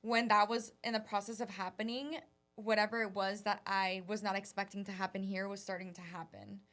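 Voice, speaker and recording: A woman co-hosting a casual podcast chat, encouraging and animated in her talk. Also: mid-range voice, a little fast.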